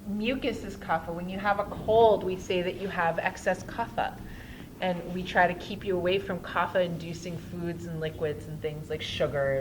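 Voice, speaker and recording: A woman's voice: sits low, background noise. Chatty woman teaching a yoga class. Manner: chatty, often asks "right?", laughs at herself. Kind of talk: casual classroom lecture.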